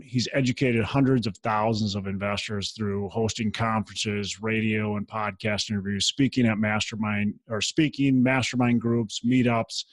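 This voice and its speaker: A man hosts a podcast and briskly introduces his guest by reading through the bio. His voice is on the lower side. The recording is dry, with no room sound. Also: dry recording, rough recording. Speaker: podcast host. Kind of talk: podcast interview.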